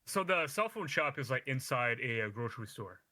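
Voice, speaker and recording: A man's voice: mid-range voice, very animated, brisk, bright, forceful tone, no echo. A man in casual podcast chat, telling stories in a laid-back way with lots of fillers. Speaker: podcast co-host.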